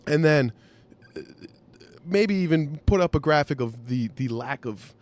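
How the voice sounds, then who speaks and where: Male podcast host, swooping lively delivery, wry and salty storyteller. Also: fairly high pitch, measured pace. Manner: animated, wry, profane. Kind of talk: storytelling anecdote.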